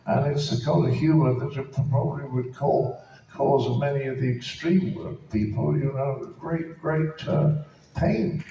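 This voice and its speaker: A man's voice: mid-range voice, a little slow, dark tone, recorded from a distance, slight background noise. Dry-witted man, echoey hall recording. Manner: dry, profane comic wit. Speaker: guest speaker answering audience questions. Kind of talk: convention Q&A. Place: large convention hall. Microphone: PA system heard through a phone from the crowd. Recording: echoey hall, phone filmed from the audience.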